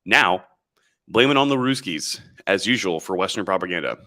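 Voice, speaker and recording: A man's voice: low voice, expressive, moderate pace, sharp tone. A man hosting a casual livestream, reading chat comments and rambling sarcastically, calling his viewers boys. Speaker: livestream host. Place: indoors, standing in camera frame.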